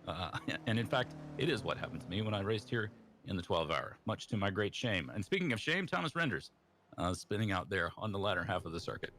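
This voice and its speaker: A man's voice: on the low side, very animated, a little fast, fairly bright tone. A man hosting a live sim racing broadcast, joking and self-deprecating as he introduces the race. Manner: upbeat, jokey, self-deprecating. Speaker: host and race commentator. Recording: music behind the voice. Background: background music and car engine noise.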